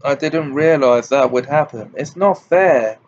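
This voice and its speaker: A man reading aloud and voicing a blunt, excitable teenage boy wizard. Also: medium pitch, unhurried, lo-fi sound, a little hiss or hum, natural voice.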